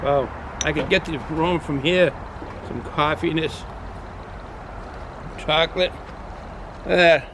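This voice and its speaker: Casual Boston-accented guy, a bit high-voiced, rambling outdoor beer review over clear traffic noise. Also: steady tone, takes it slowly, long pauses. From New England, US. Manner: rambling, chatty, repeats himself with frequent fillers. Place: outdoors in cold weather.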